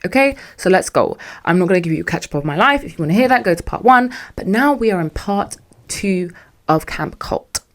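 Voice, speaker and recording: A young woman hosting a podcast, telling a story in a sassy, animated way and acting out what others said. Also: lowish voice, fairly quick. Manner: animated, sassy, acts out quotes in other voices. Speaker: podcast host. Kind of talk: casual storytelling monologue.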